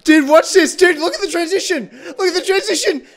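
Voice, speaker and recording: A man's voice: extremely high pitch, fairly quick. A young man co-hosting a podcast, telling a story in casual chat, laughing and swearing a lot. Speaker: podcast co-host.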